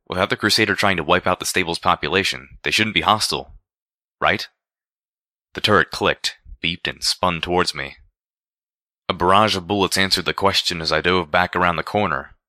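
A man narrating a first-person story with a steady, expressive reading. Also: low-pitched, normal speed, no room sound, studio quality. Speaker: audiobook narrator.

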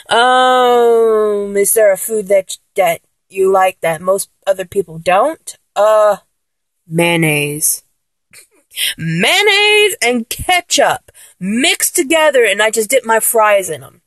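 Here a woman of 24 with a mature-sounding, mid-range voice chats slowly and casually while filling out a questionnaire solo, rambling, joking and giggling as she goes. There is no room sound.

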